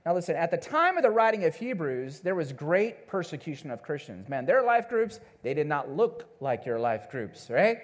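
A man preaching a sermon, telling a family story in a playful, animated way and checking in with the congregation as he goes. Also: on the high side, normal speed, hardly any pauses. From Missouri, USA. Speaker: pastor.

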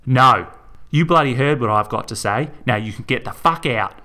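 A man voicing a fierce middle-aged woman shopkeeper who shouts and swears in a raised voice. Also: mid-range voice, quick pace, voice pushed up, lightly acted. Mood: furious.

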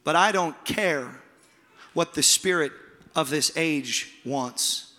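A man preaching a sermon to his congregation, with dramatic pauses, soft low drops and rising, emphatic calls. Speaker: pastor. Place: large church hall. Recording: long hall reverb with piano behind. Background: soft piano.

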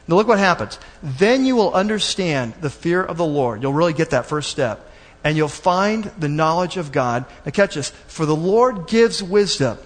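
A man preaching a sermon in a lively, conversational way, acting out little asides for the congregation. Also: a little high, big-room sound. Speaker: pastor.

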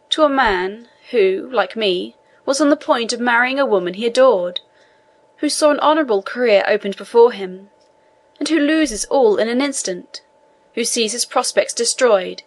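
A woman voicing a young male sailor held in prison, earnest and imploring in a storybook reading. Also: a little high.

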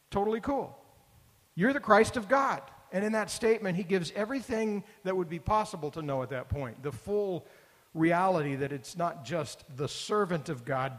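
Man preaching in a reverberant hall. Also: on the high side. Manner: conversational preaching, rising to emphatic bursts. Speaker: pastor. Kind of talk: sermon.

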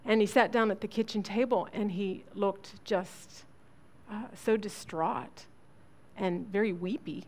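A woman teaching other women in a sermon, telling a family story earnestly, with halting restarts. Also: mid-range voice, steady tone. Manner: earnest storytelling, acts out quoted voices.

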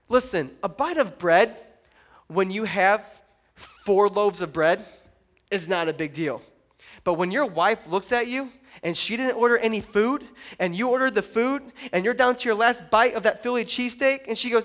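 Man, young, pastor, sermon, high voice, animated, acting out little scenes. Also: normal speed. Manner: animated, playful asides and acted-out voices.

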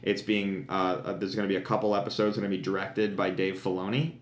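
A man's voice: sits low, steady tone, fast talker, echoey room. A man co-hosting a podcast, chatting casually and enthusiastically, rambling with lots of fillers. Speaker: podcast co-host. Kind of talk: casual chat.

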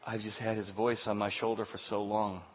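A man voicing a weary male character who speaks quietly and haltingly, reluctant and unsure, from a tinny recording in an echoey hall. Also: lowish voice, flat delivery, a little hiss or hum, pitched below the performer's own voice, close to an everyday voice. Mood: hesitant. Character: weary, hesitant man bound to a habit.

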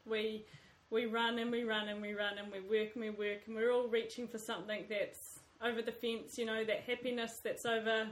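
Higher-voiced woman in an echoey room. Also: level tone, normal speed, few pauses. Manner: thoughtful, hesitant with fillers. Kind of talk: casual chat.

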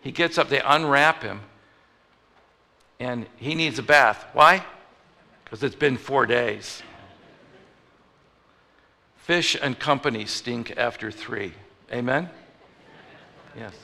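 A male pastor preaching a conversational sermon, moving from loud emphatic lines to hushed ones. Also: mid-range voice, slow, gravelly, pauses often. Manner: conversational, animated, swings between loud and hushed. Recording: reverberant hall.

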